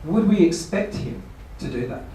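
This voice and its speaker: A man's voice: high voice, lively intonation, normal speed, mellow, slight background noise. A man, a pastor giving a seminar talk, asking rhetorical questions and playfully mock-quoting people. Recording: echoey room, voice from far off.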